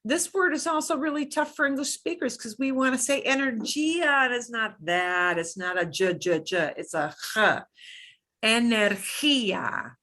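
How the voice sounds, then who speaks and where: A middle-aged woman teaching beginner Spanish, modeling each pronunciation slowly and clearly. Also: fairly high pitch, pushed and bright. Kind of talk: beginner language lesson.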